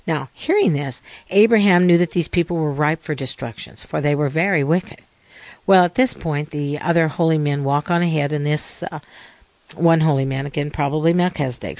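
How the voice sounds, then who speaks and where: A man giving a sermon-style scripture lesson in a measured, earnest way, asking rhetorical questions. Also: fairly high pitch, vocal fry, a little mellow, dry recording. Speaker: religious teacher.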